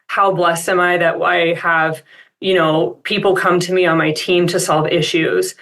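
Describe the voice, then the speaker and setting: A woman's voice: lowish voice, flat delivery, measured pace, fairly bright tone. A woman speaking as an expert guest on a coaching call, reflective and upbeat, with many casual fillers.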